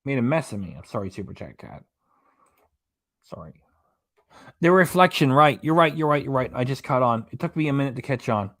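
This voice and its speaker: A man's voice: medium pitch, expressive, a little fast, long pauses, a bit bright. A man hosting a casual livestream from a small apartment, reading viewer comments aloud and chuckling between them. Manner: chatty, chuckles often, reads chat aloud. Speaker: livestream reaction host.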